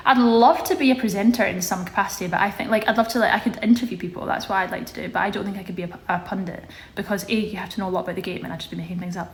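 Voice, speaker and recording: Young woman, casual live-stream chat, roomy echo, faint background noise. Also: mid-range voice. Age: young adult. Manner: chatty, answers viewer comments. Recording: echoey room with faint ambience.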